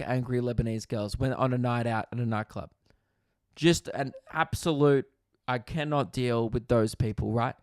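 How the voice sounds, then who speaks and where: Gravelly comedian telling stories. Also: male voice, mid-range voice, moderate pace, no echo, studio quality. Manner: animated, swears freely, acts out others' voices. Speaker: comedian podcast host. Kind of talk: casual comedic storytelling.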